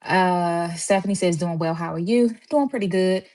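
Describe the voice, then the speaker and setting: A chatty woman from Washington, D.C. with a lowish voice hosts a relaxed live stream from home. She is slightly out of breath and greets her viewers one by one, peppering her talk with "y'all.". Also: normal speed. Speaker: host of a live stream for medical assistants. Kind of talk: casual live-stream chat.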